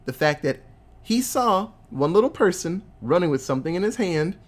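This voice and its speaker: A man hosting a casual chat, retelling a movie plot in animated, profane storytelling. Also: high-pitched, moderate pace.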